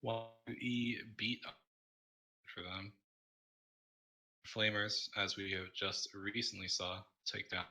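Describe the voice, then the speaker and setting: Weary male stream caster, lowish and sharply bright, halting with fillers. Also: steady tone. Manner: tired, halting, many fillers. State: tired, yawning. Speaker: tournament caster. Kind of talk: casual livestream wrap-up.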